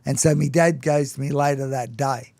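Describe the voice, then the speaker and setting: A man's voice: medium pitch, steady tone, normal speed, creaky, darkish tone, no echo. A middle-aged man, a guest in an interview, telling candid stories with frequent restarts and short laughs. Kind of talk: candid storytelling in conversation.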